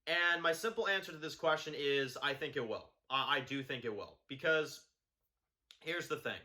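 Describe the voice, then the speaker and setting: A man's voice: fairly high pitch, normal speed, bright, forceful tone. A man giving a blunt, profane, heated video review of a TV show.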